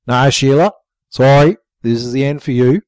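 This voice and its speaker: A man playing a scheming, menacing man who taunts in a calm, sly way. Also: medium pitch, moderate pace, smooth, no room sound, lightly acted.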